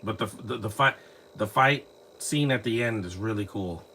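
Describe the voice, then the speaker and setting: Rambling low-voiced man on a phone. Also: normal speed, sharp tone, a little hiss or hum. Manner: rambling, frequent restarts and fillers. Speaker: live movie commentary host. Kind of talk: casual rambling commentary. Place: home, lives near trees.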